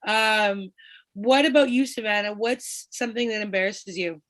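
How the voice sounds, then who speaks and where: A woman hosting a casual group chat over a video call, talking in an animated, encouraging way. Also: medium pitch, moderate pace. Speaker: host.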